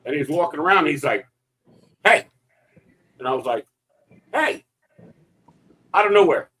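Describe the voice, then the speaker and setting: Animated man with a lively, high voice. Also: racing, husky, rough recording. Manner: animated, excitable storyteller. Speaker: podcast co-host. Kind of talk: casual chat, storytelling.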